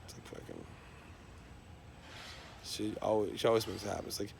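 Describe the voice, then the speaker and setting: Gravelly man rambling profanely. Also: fairly low pitch, huge pitch swings, normal speed, a little mellow, slight background noise. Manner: rambling, profane stream of talk. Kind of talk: unscripted monologue to camera.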